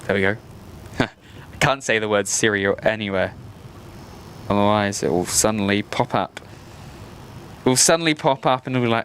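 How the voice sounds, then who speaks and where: A man's voice: lowish voice, normal speed, pauses often, a bit bright, a little hiss or hum. An Australian man hosting a live stream outdoors, chatting casually, rambling and joking at his own expense. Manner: rambling and self-mocking, often laughing. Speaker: host of a live plane-spotting stream. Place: outdoors at an airport.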